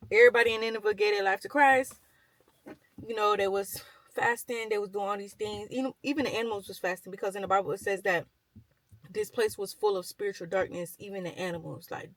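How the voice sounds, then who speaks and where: A woman's voice: mid-range voice, dry recording, rough recording. A young woman vlogger chatting as she retells a Bible story, with lots of fillers and slang.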